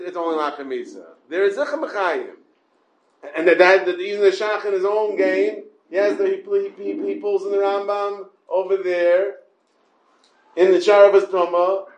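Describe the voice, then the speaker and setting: Here a high-pitched male voice with a darkish tone rings through a reverberant space as he leads a Talmud lesson. Words come haltingly, with frequent repeats and restarts, and he often turns to the listeners with questions.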